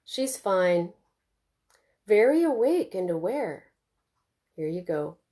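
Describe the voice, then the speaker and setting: Reassuring doctor, professional, mellow voice, storybook reading, woman doing it. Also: mid-range voice, big pitch swings, takes it slowly. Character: calm, slightly nervous delivery doctor.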